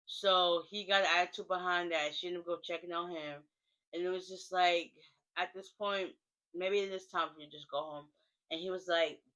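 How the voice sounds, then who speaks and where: A woman's voice: on the low side, fairly even intonation, normal speed, fairly bright tone, rough recording. A woman giving a casual spoken recap of a TV episode in a chatty, slangy way, full of fillers. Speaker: TV recap vlogger.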